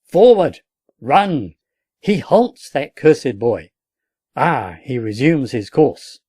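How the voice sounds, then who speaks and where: A man voicing a desperate shouting army captain. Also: a little high, moderate pace, creaky, no room sound, clean studio sound, voice pushed up. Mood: furious. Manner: barked commands and oaths. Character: desperate male army captain under siege.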